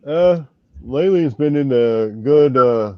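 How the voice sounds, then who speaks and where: A man's voice: expressive, measured pace, no room sound. A man joining a livestream as a guest, speaking hesitantly in casual chat. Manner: hesitant, low-key. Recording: dry, dull lo-fi line.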